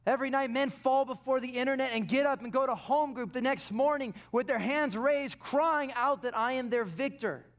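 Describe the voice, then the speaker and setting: High-voiced man preaching an animated sermon. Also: normal speed, hardly any pauses. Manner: animated storytelling, dropping to quiet intensity. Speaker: pastor.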